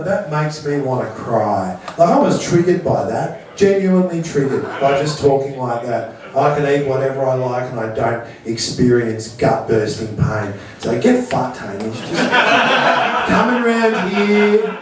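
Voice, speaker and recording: A man's voice: medium pitch, expressive, a little slow, a little mellow. A middle-aged man, hosting a stand-up night with brash, profane, sarcastic banter. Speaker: comedy MC. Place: comedy venue stage. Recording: echoey room from far off with audience. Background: audience laughter.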